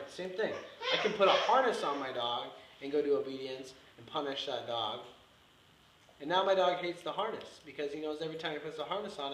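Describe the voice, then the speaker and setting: A man's voice: mid-range voice, fairly bright tone. A man teaching dog training in a live demonstration, talking emphatically and repeating his points. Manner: repetitive, emphatic, marking with "yes". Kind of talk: instructional demonstration. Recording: echoey room with faint background noise.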